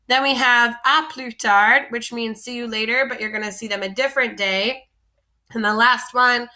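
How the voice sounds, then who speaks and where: A woman's voice: on the high side, bright, forceful tone. A woman teaching French vocabulary in a patient, explanatory lesson, often recapping and repeating terms.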